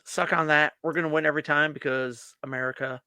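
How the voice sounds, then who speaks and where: A man co-hosting a laid-back podcast over beers, talking in an emphatic, cursing, riff-heavy way. His voice sits a bit high and sounds bright and forceful, and the sound is dry and close with no room echo. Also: fairly even intonation, fast talker, clear, resonant tone. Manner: emphatic, profane, riffing on ideas. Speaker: podcast co-host. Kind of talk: casual beer-drinking chat.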